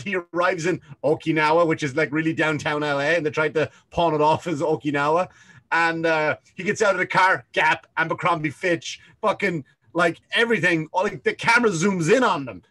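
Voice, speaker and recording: Man, high voice, profane ranting, mocking impressions, podcast co-host, video call. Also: pushed and bright. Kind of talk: casual chat. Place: remote call over Zoom.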